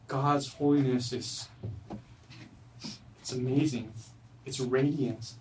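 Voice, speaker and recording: A man's voice: fairly even intonation, slow, a little hiss or hum. Earnest male preacher, a bit distant. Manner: earnest, rises loud then drops low and soft. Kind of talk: sermon. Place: church service. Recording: voice from away from the mic.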